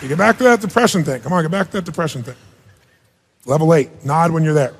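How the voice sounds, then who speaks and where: A man coaching a participant on stage at a live seminar, firing rapid, blunt and sometimes profane questions at her and the crowd. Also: fairly high pitch, expressive, husky. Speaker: self-help speaker coaching a participant on stage. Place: large auditorium. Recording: long reverb of a big hall.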